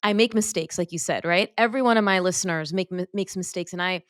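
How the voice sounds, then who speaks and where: A woman's voice: on the low side, fast, a bit bright, dry recording. Earnest woman podcast host, dry sound. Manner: earnest, open personal storytelling. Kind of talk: casual interview chat.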